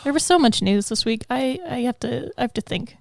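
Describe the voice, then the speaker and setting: A woman's voice: a little high, brisk, gravelly, darkish tone, dry recording. A woman co-hosting a podcast in casual, rambling chat, laughing often, recorded on a stand mic in a small studio. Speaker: podcast co-host.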